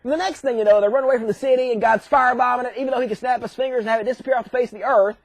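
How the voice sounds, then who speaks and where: A man telling a profane, irreverent comic retelling of old stories, switching quickly into characters' voices. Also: extremely high pitch, fairly even intonation, creaky, dry recording. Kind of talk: comic storytelling monologue.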